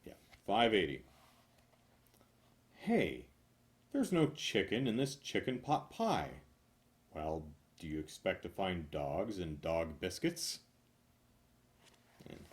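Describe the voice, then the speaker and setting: A man with a lowish voice reads jokes aloud from a book, one after another, as the host. His delivery is animated and punchy, swinging his pitch widely and drawing out each punchline.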